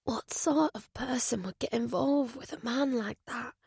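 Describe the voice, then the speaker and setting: A woman reading a fragile young amnesiac hospital patient in an audiobook, with a soft, hushed voice. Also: fairly high pitch, a little slow, vocal fry, slightly rough, no echo, clean studio sound, voice pushed up, full character voice. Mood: distressed.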